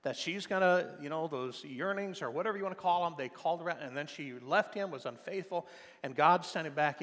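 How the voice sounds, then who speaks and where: An older man preaching a sermon, telling a family story in a conversational way and then rising to loud, impassioned preaching. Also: on the high side, a little fast. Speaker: pastor. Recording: long hall reverb.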